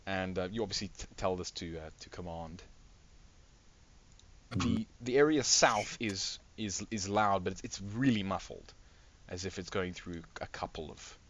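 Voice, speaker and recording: A man's voice: sits low, moderate pace, muffled recording. A man running a tabletop game as game master, describing scenes in rambling, self-correcting narration.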